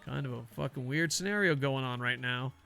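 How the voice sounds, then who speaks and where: A man's voice: medium pitch, fairly quick, vocal fry, sharp tone, smooth, soft background music. An older man, a semi-retired teacher, rambling casually and profanely while streaming a game, laughing often. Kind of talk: casual chat while gaming.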